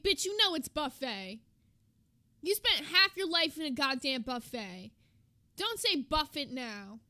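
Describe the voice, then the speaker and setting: A woman's voice: high-pitched, bright, forceful tone. A woman streamer giving mocking, profane reaction commentary with laughing asides.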